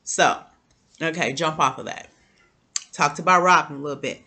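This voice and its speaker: Animated woman with a bright voice. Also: low-pitched, moderate pace, slightly rough. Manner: animated, talks straight to viewers, repeats words. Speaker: TV recap vlogger. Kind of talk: casual chatty TV recap.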